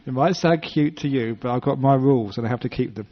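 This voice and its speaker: An older English man speaks as a Buddhist monk giving a dharma talk, with an even, mid-range voice. He tells the story with a light, humorous touch and slips into small voices for the people in it. The recording sounds dull and lo-fi. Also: mid-range voice, quick pace. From British-born, based in Western Australia.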